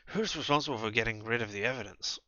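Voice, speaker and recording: A man voicing a vicious cornered man who shouts insults in a raised voice. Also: mid-range voice, very animated, fast talker, creaky, no room sound, highs cut off, heavily acted. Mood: furious ranting.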